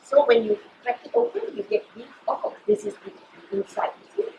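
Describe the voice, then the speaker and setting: Lively Malaysian woman teaching cooking. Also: on the high side, a little fast, slight background noise. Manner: chatty, explanatory, checks in with "you know" and "all right". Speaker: chef and cooking instructor. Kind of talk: live cooking demonstration. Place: hotel restaurant kitchen. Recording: echoey kitchen.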